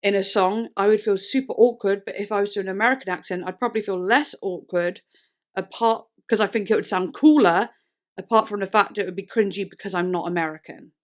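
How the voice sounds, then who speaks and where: A woman's voice: mid-range voice, fast. A young woman from the UK with a British accent, chatting casually in a music reaction vlog, rambling and tripping over her words. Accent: British English. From United Kingdom. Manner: rambling, all over the place, trips over words. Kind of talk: casual chat.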